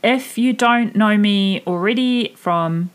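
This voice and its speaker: A woman's voice: mid-range voice, takes it slowly, clean tone. A woman in her thirties from Germany with a New Zealand accent, hosting her own podcast in a candid, chatty monologue full of fillers. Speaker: podcast host and mindset coach. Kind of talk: casual solo podcast monologue.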